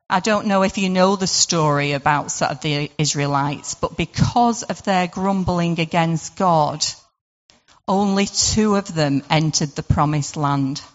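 A woman gives an informal devotional talk in a low voice, leaning on rhetorical questions and "sort of" fillers. The recording sounds dull and lo-fi. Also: in a large hall. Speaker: devotional speaker.

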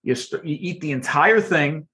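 A man's voice: fairly high pitch, lively intonation, moderate pace, pushed and bright. A man being interviewed as a guest author, explaining with energy and frequent restarts. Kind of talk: podcast interview.

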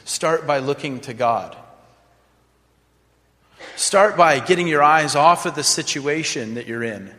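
A man preaching a sermon as a pastor, dramatic and expressive, acting out sample prayers in mock voices. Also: medium pitch. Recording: long hall reverb.

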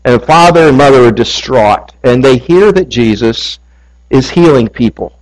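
A man's voice: mid-range voice, expressive, normal speed, rough recording. A male pastor preaching a sermon, telling a story, reading scripture and asking his congregation questions. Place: church.

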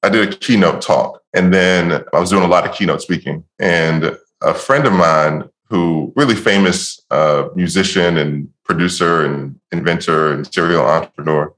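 Very deep-voiced man in an echoey room. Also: normal speed. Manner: animated storyteller, laughs often. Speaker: podcast guest, empowerment coach. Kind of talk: casual storytelling chat. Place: home room on a call. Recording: roomy echo.

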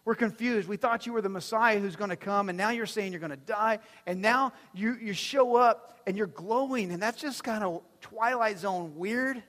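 A man preaching voices a group of bewildered men, loud and flustered. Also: sits high, moderate pace, few pauses, pitched above the performer's own voice. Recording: long reverb from a large hall.

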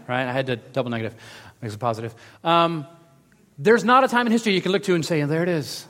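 A male pastor gives a relaxed, conversational sermon and slips into little acted quotes as he tells the story. His voice sits fairly high for a man. A long reverb trails behind him, as in a big hall. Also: fast.

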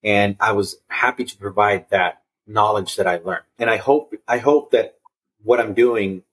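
A man with a low, husky voice speaks as a podcast guest, earnest and reflective. He tells personal stories, circling back over his words and restarting phrases as he goes, and acts out the voices of the people he quotes. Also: a little slow, fairly bright tone. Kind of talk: reflective conversational storytelling.

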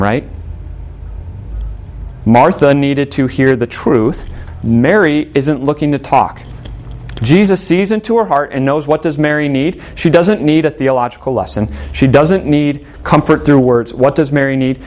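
A man's voice: medium pitch, a little mellow. Earnest male pastor preaching a sermon. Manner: earnest preaching, reads scripture aloud, rhetorical questions.

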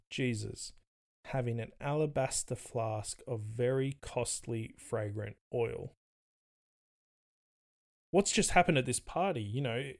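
A man preaching a sermon, retelling a story vividly and rising to emphatic stress on key points. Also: mid-range voice.

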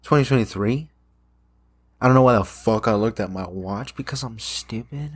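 A man's voice: lowish voice, moderate pace, slightly rough. A young man, rambling casually to camera, swearing often and trailing off into fillers. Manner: rambling, swears a lot, many fillers and restarts. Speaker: vlogger.

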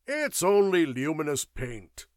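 A man reading an audiobook, voicing a gruff, blunt military major with a brusque way of speaking. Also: on the high side, very animated, unhurried, darkish tone, dry recording, clean studio sound, pitched above the performer's own voice. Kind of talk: audiobook character voice.

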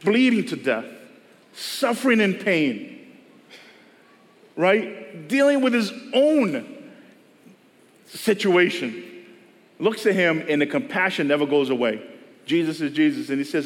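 A man's voice: a little high, animated, unhurried, pauses often. A male pastor preaching a sermon to a church service in a conversational style, acting out the voices of people he quotes. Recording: long reverb of a church hall.

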